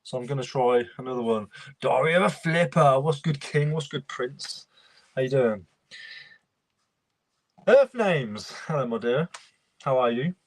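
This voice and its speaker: A man's voice: medium pitch, lively intonation, measured pace, long pauses, no room sound. A young man, casually chatting and greeting viewers by name while he works on a livestream. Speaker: reseller livestream host.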